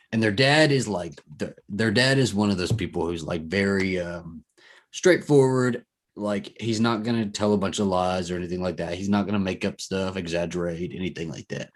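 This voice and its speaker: A man hosting a podcast in casual chat, reading listener stories aloud and rambling with fillers and self-corrections. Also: sits low. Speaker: podcast host.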